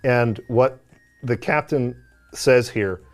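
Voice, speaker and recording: Guy chatting on a stream, thinking out loud, lots of "like", normal mid voice. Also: mid-range voice, takes it slowly, soft background music. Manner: thoughtful, rambling, many "like" fillers. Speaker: streamer host. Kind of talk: casual chat about a video game.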